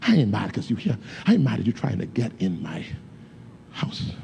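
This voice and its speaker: A man's voice: lowish voice, wildly swooping pitch, normal speed, vocal fry, dark tone, a little hiss or hum. A man preaching a sermon, with fervent delivery and loose, casual grammar. He tells stories, calls out to his congregation and breaks into speaking in tongues. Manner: storytelling with call-outs to the congregation. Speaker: pastor.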